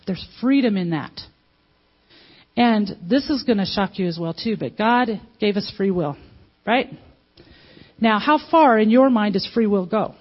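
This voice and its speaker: Conversational woman preaching, dull audio. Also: medium pitch. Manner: conversational, asks the audience questions, acts out quotes. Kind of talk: sermon.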